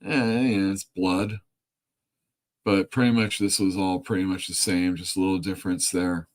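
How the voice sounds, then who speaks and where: The voice is low-pitched with little pitch movement: a comic store owner hosting a live stream show, chatting loosely. He rambles, swears casually and laughs quickly.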